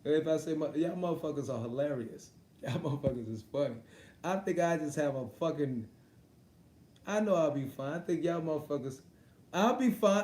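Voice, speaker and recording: A man with a slightly high voice chats on a live stream, swearing freely and breaking into laughter. He talks directly to his viewers as if they are in the room. The sound carries a noticeable roomy echo. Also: moderate pace, darkish tone. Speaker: sports talk streamer. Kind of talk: casual livestream chat about boxing.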